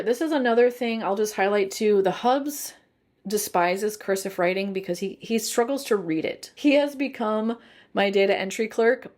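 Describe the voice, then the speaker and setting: A woman's voice: medium pitch, darkish tone. A woman, giving a chatty, detailed candle review and thinking aloud as she goes. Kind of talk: casual review vlog.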